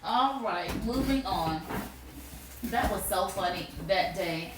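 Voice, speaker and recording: A woman hosting a live shopping stream, talking to her viewers in a chatty, animated way. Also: medium pitch, takes it slowly, noisy background. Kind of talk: casual live stream product chat. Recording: roomy echo.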